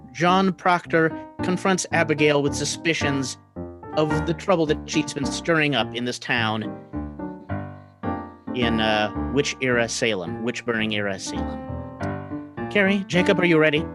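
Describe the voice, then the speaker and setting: A man's voice: a little high, expressive, normal speed, music in the background. A man hosting a live comedy show from home over a video call, announcing in a pompous, theatrical way. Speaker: host.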